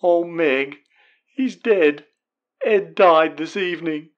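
A man voicing a tearful young woman who fakes an American accent and speaks haltingly between sobs in a storybook reading. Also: medium pitch, lively intonation, a bit bright, highs cut off, voice pushed up, natural voice. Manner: sobbing, halting speech.

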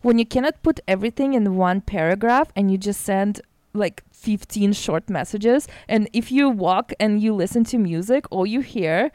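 Woman, podcast co-host, casual chat, smooth clear voice, dry close sound, acts out bits. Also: medium pitch, moderate pace, few pauses, no echo. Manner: animated storytelling, acts out voices and phone sounds.

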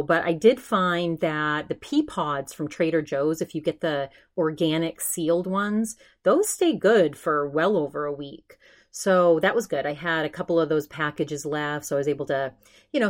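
A young woman hosting a podcast, telling a story in casual chat with animated quoted asides. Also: low voice, measured pace. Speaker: podcast host.

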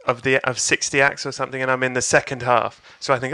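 A man, telling a lively sweary story in casual chat. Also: medium pitch, fast. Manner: animated, swears, acts out crowd voices. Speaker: comedian guest.

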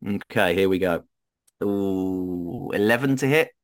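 A man playing a tabletop game as a player, talking with lots of animation and big jumps in pitch. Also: a little slow, no room sound. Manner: animated, jumps high in pitch when excited.

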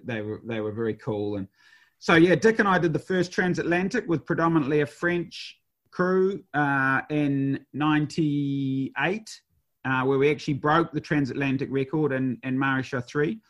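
A man in his fifties, a race skipper, telling stories in a rambling way with lots of fillers and restarts. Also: medium pitch. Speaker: professional sailor, race skipper. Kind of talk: conversational storytelling.

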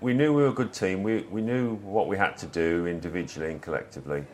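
A man, a former footballer, telling stories from his playing days in a relaxed, reflective interview. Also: low-pitched, quick pace, a little hiss or hum. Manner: reflective, anecdotal, quotes others.

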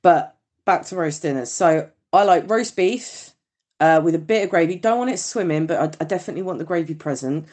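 A woman's voice: on the low side, fairly quick, a little mellow. A British woman leaving a chatty voice message, rambling and swearing and laughing at her own slips. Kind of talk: casual voice note.

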